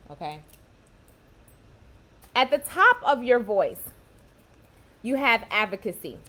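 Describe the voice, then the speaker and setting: A young woman with a fairly high voice gives a casual motivational talk to her viewers. She speaks with warm emphasis and repeats or restarts phrases as she works through her points. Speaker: self-empowerment speaker.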